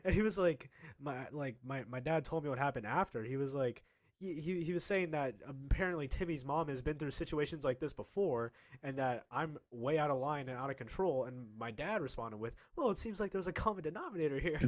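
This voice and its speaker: Talking a little fast in a mid-range voice, a young man tells a casual tale about his time at school. He keeps laughing and animatedly performs the lines of the other people involved.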